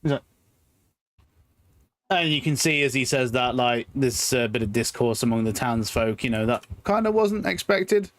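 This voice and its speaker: A man's voice: mid-range voice, lively intonation, normal speed, hardly any pauses, no echo. Guy running a tabletop game, loose chatty narration, lots of swearing, dry close mic. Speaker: dungeon master.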